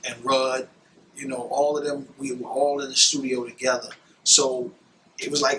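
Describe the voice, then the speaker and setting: A man's voice: medium pitch, little pitch movement, moderate pace, pushed and bright, recorded from a distance, slight background noise, poor audio. A man in a documentary interview, talking loosely and rambling with fillers. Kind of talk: reflective interview talk.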